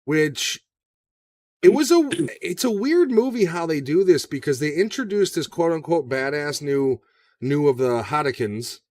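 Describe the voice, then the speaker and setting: A man's voice: a little high, measured pace, dry recording, distant mic. A man co-hosting a casual movie discussion podcast, talking loosely and with lots of swearing. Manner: profane, animated, does shouted impressions. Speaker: podcast co-host.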